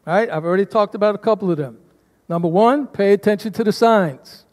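High-voiced pastor preaching in a reverberant church. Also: male voice, a little fast, a little mellow. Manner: preaching to a congregation, calls for responses. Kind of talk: sermon. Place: church sanctuary.

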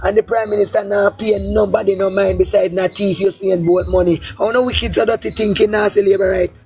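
A woman's voice: mid-range voice, steady tone, brisk, darkish tone, soft background music. A woman with a Jamaican Patois accent giving a heated, casual political rant, blunt and profane, with a lilting sing-song delivery. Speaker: political commentator.

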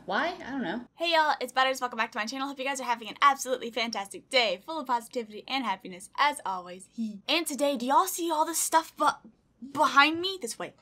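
Girl vlogging at home, bright voice a bit high, gets all squealy and teary over fan mail. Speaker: YouTuber. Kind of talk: casual vlog chat. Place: home room with packages.

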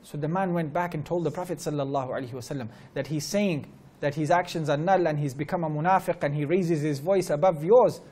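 A man with a fairly high voice gives a religious lecture at a teaching gathering. He tells stories earnestly, repeats his key phrases for weight, and slips into fluent Arabic recitation. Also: quick pace, few pauses, darkish tone. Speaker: Islamic teacher giving a talk.

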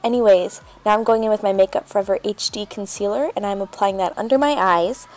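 A woman's voice: mid-range voice, fairly quick, a little mellow. A woman chatting casually as she narrates a makeup tutorial, rambling with lots of fillers. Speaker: beauty vlogger.

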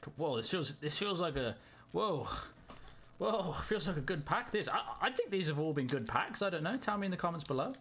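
A young man chatting casually and excitedly to himself in a card-opening vlog. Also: fairly high pitch, fast. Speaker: YouTuber.

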